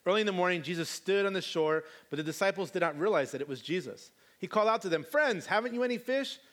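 A man's voice: fairly high pitch, quick pace, a bit bright. A man preaching a sermon, reading scripture and then retelling it in a casual, conversational way with slangy asides.

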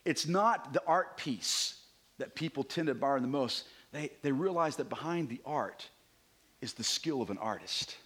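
A man preaching a sermon as a visiting pastor, animated and conversational, sometimes dropping to a hushed near-whisper for emphasis. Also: medium pitch, moderate pace. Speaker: guest preacher.

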